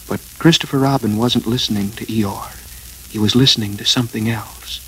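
A man reading a children's story aloud in an even, gentle narration. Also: fairly low pitch, brisk, a little hiss or hum, poor audio.

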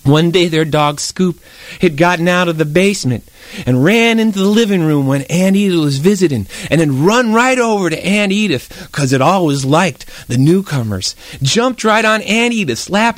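A man telling a children's story aloud with lively, animated narration. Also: high-pitched, normal speed, no room sound.

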